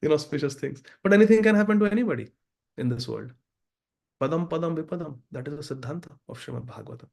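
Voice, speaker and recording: A man's voice: medium pitch, a little mellow. A man giving a devotional scripture class, speaking earnestly and addressing listeners directly.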